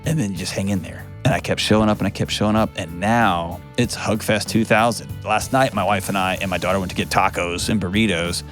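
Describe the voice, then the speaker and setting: Blunt, low-voiced man. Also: steady tone, fairly quick, few pauses, a bit bright, faint music behind. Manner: direct, blunt and plainspoken, repeating key phrases. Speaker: host. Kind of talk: advice show, talking with a caller.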